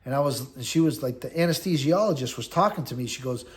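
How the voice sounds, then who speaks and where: A man's voice: medium pitch, animated, quick pace. A middle-aged man, telling a long personal story in a rambling, blunt, conversational way. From Boston area. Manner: rambling and conversational, full of "like" and "you know", blunt street talk. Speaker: host recounting prison experience. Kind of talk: casual storytelling monologue.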